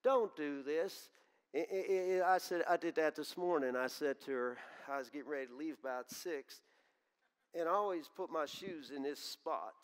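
Folksy preacher with a higher male voice. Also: normal speed, clean tone, long reverb tail. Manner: folksy storytelling preacher, repeats words when stirred. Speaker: pastor. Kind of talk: sermon. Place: church sanctuary.

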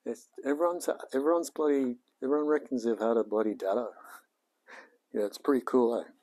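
This is an Australian home mechanic in his late forties, chatting on his live stream in a laid-back, rambling way full of slang. His medium-pitched voice is warm and steady, and he talks fairly quickly.

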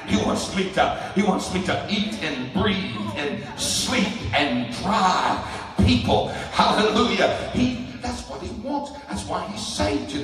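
Pastor preaching hard, highish voice, big echoey church, mic a ways off, music going under him. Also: male voice, expressive, a little slow. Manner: fervent, emphatic preaching. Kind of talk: sermon. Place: church sanctuary. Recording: echoey church hall from far off, music behind.

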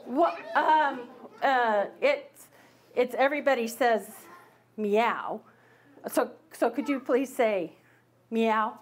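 A woman's voice: fairly high pitch, slow pace. A woman storyteller leading a children's storytime in a library, coaxing the group playfully with mock-puzzled restarts. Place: public library.

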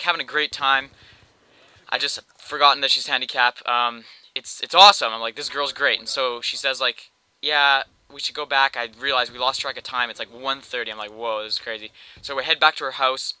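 A man rambles through a long joke story as a gaming commentator, leaning on "like" between every thought. His voice is strikingly bright and tense, and it comes through smooth and clear. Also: mid-range voice, poor audio. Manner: rambling, heavy use of "like". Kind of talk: telling a long joke story over gameplay.

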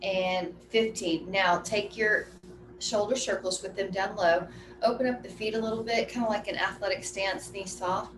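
A woman's voice: medium pitch, fairly even intonation. Echoey woman fitness instructor counting reps. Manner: counting reps aloud with brisk, encouraging cues. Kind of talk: guiding an exercise class. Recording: echoey room with faint ambient noise.

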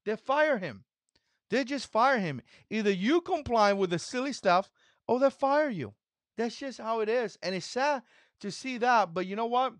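A man's voice: very high-pitched, expressive, normal speed, a bit bright, dry recording. A man whose first language is not English, hosting an opinion commentary vlog in an emphatic, mocking way that repeats its points. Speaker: channel host.

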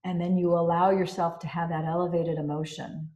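A woman hosting a self-help channel, talking slowly and deliberately and listing ideas word by word. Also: lowish voice, level tone, mellow, roomy sound. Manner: slow, deliberate, lists words one by one. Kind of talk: spoken reflection on a self-help book.

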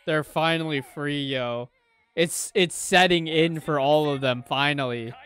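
A young man delivers live reaction commentary on an anime, swearing freely and erupting into excited shouts. Between outbursts he talks slowly and lingers on his words. Faint soundtrack music plays underneath his voice. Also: a little high, clean tone.

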